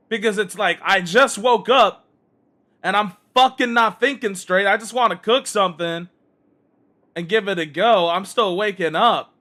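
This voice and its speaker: Brief: male streamer, high bright voice, exasperated cursing rant while gaming. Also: normal speed. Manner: exasperated, heavy swearing.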